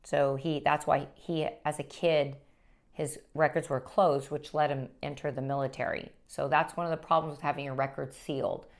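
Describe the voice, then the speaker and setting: A woman sharing her personal story as a guest, speaking earnestly and haltingly, with frequent restarts. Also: low-pitched, level tone. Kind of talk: personal testimony.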